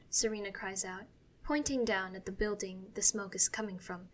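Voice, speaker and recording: A woman narrating a fan-fiction story in a soft, hushed reading voice. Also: mid-range voice, normal speed. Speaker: story reader.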